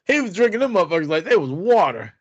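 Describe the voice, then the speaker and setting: A man's voice: high voice, fairly bright tone, husky, dry recording, muffled recording. A man co-hosting a podcast, telling a rambling, profane story in casual chat. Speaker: podcast co-host.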